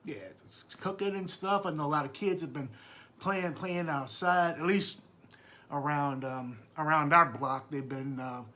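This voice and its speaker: A man's voice: on the high side, unhurried, bright, forceful tone. A man hosting a live podcast, chatting casually and greeting his listeners by name. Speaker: podcast host.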